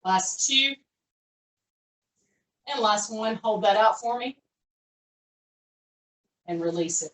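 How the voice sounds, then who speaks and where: A woman's voice: medium pitch, lively intonation, slow, long pauses, fairly bright tone. A woman leading a live online pilates class, chatty and encouraging as she calls out each move. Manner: upbeat, chatty, encouraging coaching with folksy phrases. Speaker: fitness instructor. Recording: echoey room, voice from far off.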